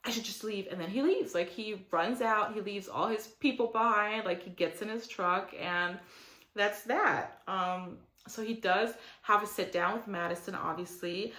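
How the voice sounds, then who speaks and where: A woman's voice: medium pitch, measured pace, pushed and bright. A young woman recaps a reality show in casual, opinionated chatter, leaning on "like" and slipping into mocking impressions of the cast. Her voice sits in a middle register. The recording carries a noticeable room echo. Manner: chatty and opinionated, heavy use of "like", mocking quotes in character.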